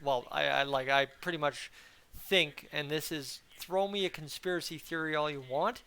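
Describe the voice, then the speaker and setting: A man's voice: on the high side, moderate pace, sharp tone, smooth. A young man hosting a casual fan commentary channel, rambling and chatty with a frustrated edge. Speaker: hockey fan channel host.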